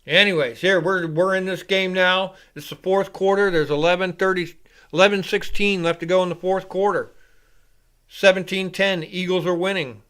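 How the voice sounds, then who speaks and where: A man hosting a live reaction show, giving casual play-by-play commentary. He rambles off-topic, swears freely and gets louder and higher whenever he calls the action. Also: clear, resonant tone. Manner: rambling and casual, with profanity, rising and louder when calling plays.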